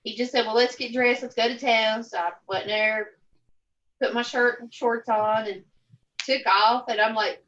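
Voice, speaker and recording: A woman's voice: fairly high pitch, fairly even intonation, moderate pace, fairly bright tone, distant mic, dull audio. A woman telling a blunt, salty story in casual chat, laughing at her own punchlines.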